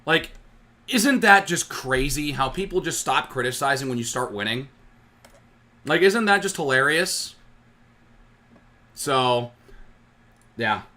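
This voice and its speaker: Bright-voiced man ranting sarcastically. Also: mid-range voice, lively intonation, slow, pauses often. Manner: heated, sarcastic, stumbling restarts. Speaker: sports channel host. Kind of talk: ranting fan commentary.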